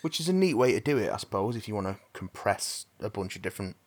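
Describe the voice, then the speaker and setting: A man with a fairly low voice offers calm, short responses in a casual film chat. His delivery is relaxed and understated. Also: quick pace.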